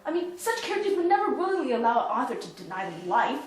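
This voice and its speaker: A brooding father who lectures at length about reality and suffering, played by a woman. He speaks earnestly in a high voice, heard from a distance in an echoey room. Soft music plays underneath. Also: sing-song, fast. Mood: lecturing. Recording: echoey room, far mic, faint music.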